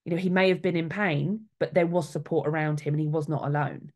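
A woman's voice: low voice, fairly even intonation, brisk. Earnest woman talking about end-of-life care. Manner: earnest, warm storytelling with acted-out quotes. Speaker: soul midwife, guest speaker.

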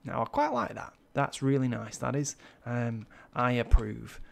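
A man with a gravelly, mid-pitched voice talks through a video game tour in a relaxed, chatty way. He admires what he sees and fills pauses with ums and uhs. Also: a little hiss or hum. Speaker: Minecraft server tour host. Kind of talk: casual gameplay commentary.

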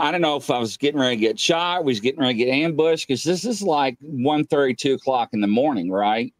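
A middle-aged man, a police captain as the show's guest, telling a casual rambling story full of filler "uh"s and quoted dialogue he acts out with sudden jumps up in pitch. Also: quick pace, few pauses, dry recording. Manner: animated, jumps up in pitch when acting out quoted speech; loose and rambling with many filler "uh"s.

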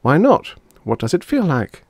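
A man's voice: a little high, wildly swooping pitch, normal speed, a little mellow, no echo, voice pushed up, full character voice. A man doing a bossy know-it-all boy. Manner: blunt and dismissive.

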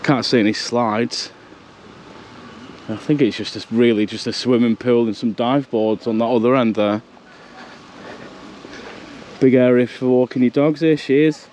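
A man's voice: medium pitch, a little slow, long pauses, darkish tone, slight background noise. A man chatting casually and rambling a bit as he vlogs a seafront walk, recorded outdoors on a handheld action camera. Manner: chatty and rambling, with easy laughs. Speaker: vlogger. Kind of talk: casual walking vlog. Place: outdoors on a seaside promenade.

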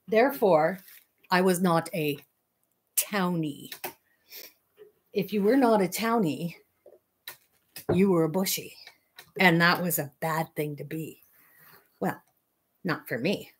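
With a fairly low voice and a little hiss or hum in the recording, a Manitoba woman chats casually and ramblingly on her fiber arts livestream, laughing often with viewers.

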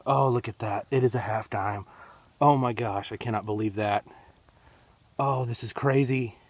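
A man narrating a metal detecting find outdoors into a handheld camera, shaky and hushed and repeating himself in disbelief. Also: mid-range voice, fairly even intonation, moderate pace, dry recording. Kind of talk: excited outdoor vlog narration. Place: outdoors at a dig site.

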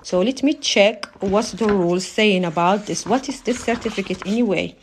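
A woman's voice: mid-range voice, normal speed, slight background noise. A woman tutoring a driving theory lesson on a live stream, speaking English as a non-native speaker in a chatty way and often ending sentences with "yeah?". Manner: apologizes for her accent, non-native English.

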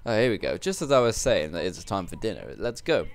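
A man's voice: fairly low pitch, sing-song, fairly quick, creaky. A young man casually commentating a video game, joking and rambling with crude asides. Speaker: gameplay commentator. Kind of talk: casual let's-play commentary.

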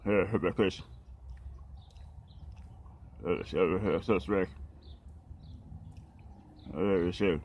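A man talking haltingly about the Bible, with many pauses, fillers and restarts. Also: sits low, fairly even intonation, darkish tone, husky.

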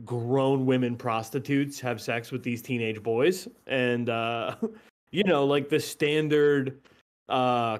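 A man chatting casually as a podcast guest, animated and quick to laugh, often swearing. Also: mid-range voice. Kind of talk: casual chat.

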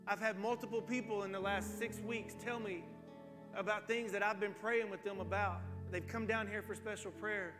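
A man's voice: sits high, big-room sound. A man preaching a sermon as a pastor, telling a story and building to emphatic calls about prayer. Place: church sanctuary.

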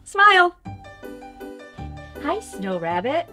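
A young woman hosts a toddler learning show with a high, wildly swooping voice. She speaks slowly and with exaggerated, sing-song emphasis, swinging from loud calls to hushed whispers. Clear music plays underneath her. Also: sing-song. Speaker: children's show host and teacher. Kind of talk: teaching toddlers first words. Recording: music playing behind.

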